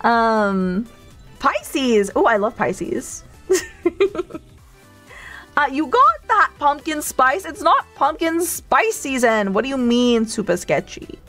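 A playful woman hosts a cafe role-play stream and giggles often. Her voice is high and bouncy, and she talks in an unhurried, sweet manner. Faint music plays underneath. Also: very animated, fairly bright tone. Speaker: streamer host.

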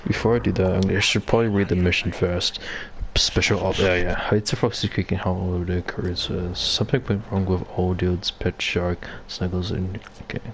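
A man's voice: deep voice, flat delivery, moderate pace, few pauses, a little hiss or hum. A man giving casual, rambling commentary as he plays a video game, reading on-screen text aloud. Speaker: gamer.

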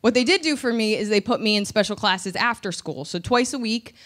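A woman's voice: mid-range voice, fairly quick. A woman comedian in her thirties from New Jersey, telling a personal story candidly and with self-deprecating humor. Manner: candid, self-deprecating, animated when recounting.

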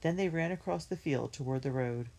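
A woman reading a children's book aloud in a clear, measured storytelling manner. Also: rumbling low, a little mellow. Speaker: reader.

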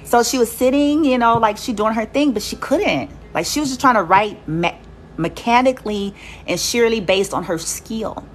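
A woman's voice: on the high side, moderate pace, slight background noise. Woman, casual motivational speaker; blunt, emphatic, conversational, drops the odd curse word. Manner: emphatic, conversational, peppered with "you know" and "okay?". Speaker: speaker sharing life advice. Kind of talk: casual motivational talk to camera.

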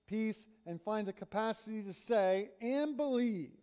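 Male preacher in a church sanctuary, a sermon storyteller, slow and measured, clear resonant tone. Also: high voice, warm tone. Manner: storytelling, retelling a conversation. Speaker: pastor.

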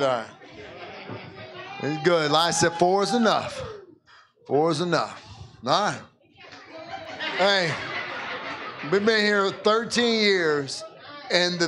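A pastor leading a church service with children, playful and joking, often laughing as he talks. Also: high voice. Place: church in Philadelphia.

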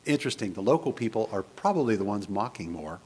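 A man preaching a sermon in church, animated and conversational, posing many rhetorical questions to the congregation. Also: fairly low pitch, quick pace, slightly rough. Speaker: pastor.

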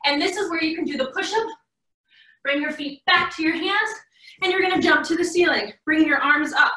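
A woman's voice: sits high, a little fast, sharp tone. Upbeat young woman coaching a workout. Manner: encouraging, upbeat instructions. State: slightly out of breath. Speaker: fitness coach. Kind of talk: live online workout class. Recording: echoey room, voice from a distance.

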